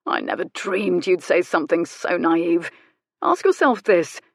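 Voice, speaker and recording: A woman's voice: on the low side, animated, measured pace, no room sound, clean studio sound. A woman reading an audiobook, voicing a smug, cruel aristocratic man in a self-satisfied, sneering manner. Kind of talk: audiobook character voice.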